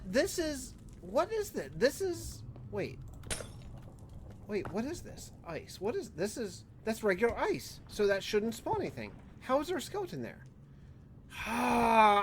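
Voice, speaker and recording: A man with a high-sitting voice rambles casually over his own Minecraft gameplay as a YouTuber, often correcting himself mid-sentence and getting exasperated. There's slight background noise.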